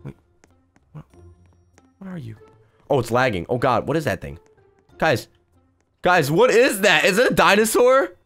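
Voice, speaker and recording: A young man hosting a gaming video, giving excited play-by-play and shrieking in mock panic. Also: on the high side, a little slow, long pauses, soft background music. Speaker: YouTube gaming host. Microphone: desk mic with face cam.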